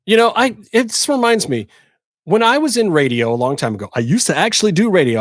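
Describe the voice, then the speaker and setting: A man's voice: on the high side, fast, no room sound, studio quality. A man hosting a podcast, telling stories in casual banter and slipping into radio announcer voices. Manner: animated storyteller, mimics radio announcer voices. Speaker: podcast host. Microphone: studio microphone.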